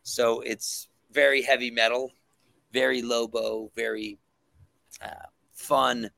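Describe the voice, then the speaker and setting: Man, comic creator guest, gravelly voice, dry sound, enthusiastic and full of ums. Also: medium pitch, level tone, slow, pushed and bright, no room sound. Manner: enthusiastic, many ums and restarts. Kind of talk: casual podcast chat.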